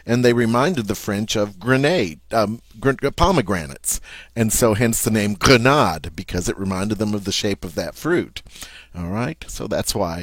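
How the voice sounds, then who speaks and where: Slow, patient man teaching vocabulary. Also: mid-range voice, a bit bright, no room sound. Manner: slow, patient, explains each word then repeats it. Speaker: French teacher. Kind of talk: vocabulary lesson.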